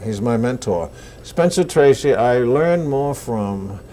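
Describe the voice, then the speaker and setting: An older actor being interviewed, telling animated anecdotes and acting out the lines people said to him. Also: male voice, mid-range voice, slow, slight background noise. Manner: animated anecdotes with acted-out quotes. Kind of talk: casual interview storytelling.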